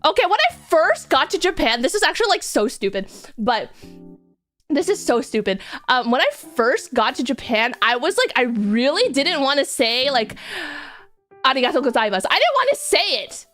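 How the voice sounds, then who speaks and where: Young woman streamer, bright and lively, chatty and self-mocking, soft music bed. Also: sits high, moderate pace. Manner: giggly, rambling, self-deprecating. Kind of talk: casual stream chat. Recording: faint music behind.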